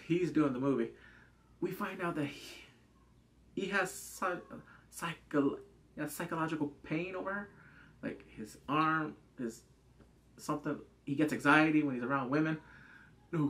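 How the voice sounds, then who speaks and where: This channel host has a voice on the high side, speaking at a moderate pace with long pauses. His casual drama review is animated and talkative, full of "like" fillers, with scenes performed in put-on voices.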